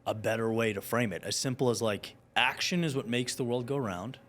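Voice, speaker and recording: A man speaking as a guest in a casual interview, telling stories in an animated way with quick asides. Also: mid-range voice, slight background noise.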